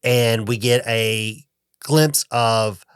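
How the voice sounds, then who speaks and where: A man's voice: mid-range voice, steady tone, drawn-out words, smooth, no room sound, studio quality. A young man co-hosting a podcast, recapping a horror film in casual chat with lots of fillers and restarts. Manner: rambling, many fillers and restarts. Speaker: podcast co-host.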